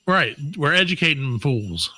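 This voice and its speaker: A man co-hosting a comedy podcast, reading holiday trivia aloud with loud bursts, quick mutters and lots of swearing. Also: fairly high pitch, dry recording, rough recording. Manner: animated, swings between loud bursts and mutters, profane. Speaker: podcast co-host.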